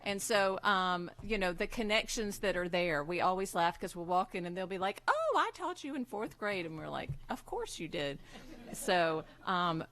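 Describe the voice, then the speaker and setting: A woman presiding over a public school board meeting, giving a heartfelt tribute with frequent fillers and restarts. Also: lowish voice. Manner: warm, halting, with many fillers and restarts.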